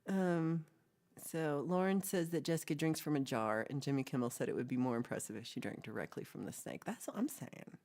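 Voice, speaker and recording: A woman's voice: deep voice, fairly quick, a little mellow. A woman co-hosting a livestream, chatting casually and reading out comments in a rambling, giggly way with playful asides. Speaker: livestream co-host.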